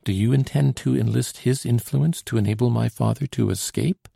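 A man reading aloud, voicing an earnest, anxious young French woman with pleading, emphatic rises in his husky, gravelly voice. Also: mid-range voice, normal speed, warm tone, no room sound, clean studio sound, voice pushed up. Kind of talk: audiobook dialogue reading.

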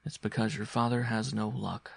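A man's voice: on the low side, flat delivery, creaky, breathy edge, no echo. A man doing a weary, bitter mother. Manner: measured and bitter.

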